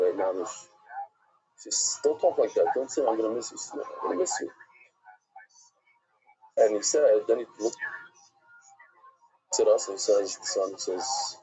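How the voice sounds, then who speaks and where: Teaching Talmud informally, this middle-aged rabbi speaks in a lively, talkative way, mixing Hebrew and Yiddish terms into English. His mid-range voice is husky, and the audio is dull.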